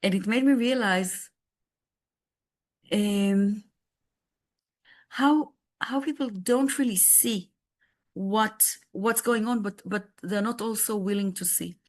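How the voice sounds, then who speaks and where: A woman's voice: medium pitch, slow pace, long pauses. Earnest woman, peace activist guest. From Israel. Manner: earnest, searching for words with frequent restarts. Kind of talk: casual podcast conversation.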